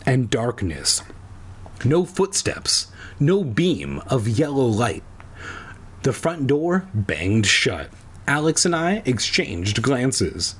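A man's voice: medium pitch, big pitch swings, slow, a bit bright, breathy edge. A man reading a children's book aloud and breaking off for wry, crude jokes. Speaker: reader.

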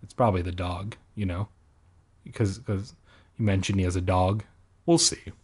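A man's voice: low voice, steady tone, moderate pace, a little mellow, breathy edge. A man reading a children's book aloud, cutting in with sarcastic jokes. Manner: sarcastic, jokey interruptions. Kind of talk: comedic book reading with asides.

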